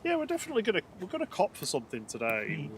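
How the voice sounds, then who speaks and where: Co-host, man, animated delivery, live outdoor spotting stream, noisy windy backdrop. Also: high-pitched. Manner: lively, quick reads of flight details. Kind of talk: live plane-spotting commentary. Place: outdoors at an airport fence. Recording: windy outdoor ambience, audible noise.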